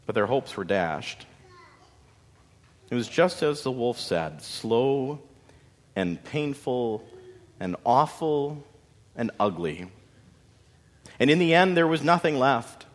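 A male storyteller narrates with dramatic, expressive delivery and folksy asides. He takes his time, and his pitch swings widely. A long hall reverb trails after each phrase. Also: takes it slowly, pauses often.

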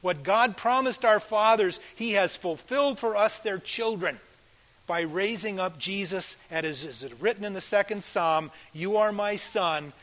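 An older pastor delivering a sermon in a fairly high voice. He talks earnestly, swelling into loud emphatic lines and then sinking to near-hushed asides. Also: a little slow. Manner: earnest, swings between loud emphasis and soft quiet asides.

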